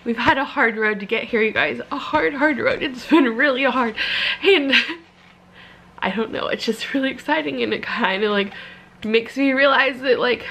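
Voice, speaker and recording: In poor audio, a young woman with a high-ish voice and vocal fry unboxes an item at a moderate pace for her vlog. Her excited, gushing chatter leans on "like" and "you guys," and she sometimes sounds near tears.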